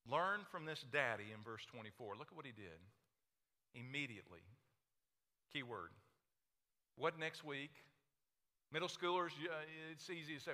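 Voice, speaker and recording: Male pastor, sermon delivery; bright tone, slightly high-pitched, swings from hushed to loud. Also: big pitch swings, unhurried, long pauses. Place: church sanctuary. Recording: echoey hall reverb.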